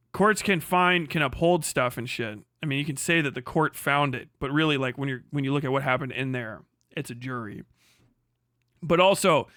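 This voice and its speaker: A man with a high, bright voice rants on his livestream, swearing freely and laughing at the people he mocks. His tone is scornful and quick, and the sound is dry and close to the mic. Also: clean tone, no room sound. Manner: profane, mocking, laughing often, puts on prissy voices to mock critics. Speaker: livestream host. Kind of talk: casual ranting livestream commentary.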